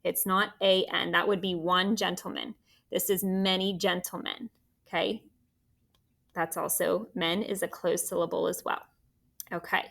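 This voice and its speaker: A woman teacher giving a spelling lesson to children, slow and deliberate, sounding out words letter by letter. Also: medium pitch, pushed and bright.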